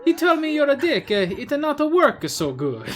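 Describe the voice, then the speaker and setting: A man's voice: very high-pitched, wildly swooping pitch, normal speed, voice pushed up, heavily acted. A man voicing a blunt, scornful young bride in broken English with a put-on Italian accent. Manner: blunt, mocking.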